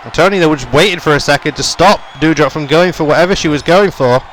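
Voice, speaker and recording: A man's voice: fairly high pitch, quick pace, a bit bright, slight background noise. A young man giving running play-by-play commentary on a wrestling video game, his voice jumping up on the big moves. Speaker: gaming YouTuber.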